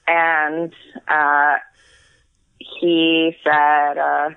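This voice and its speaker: A woman comedian chatting casually on a phone call, rambling and self-deprecating with quick laughs. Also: lowish voice, lively intonation, no room sound. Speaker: guest comedian. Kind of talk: casual chat. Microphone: phone line. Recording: tinny phone line.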